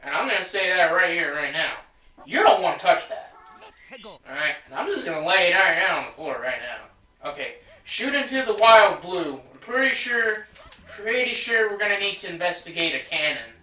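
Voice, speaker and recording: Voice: medium pitch, big pitch swings, moderate pace, bright, forceful tone, echoey room, distant mic. A let's play host chatting casually over gameplay, joking and talking both to themself and to viewers. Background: game music.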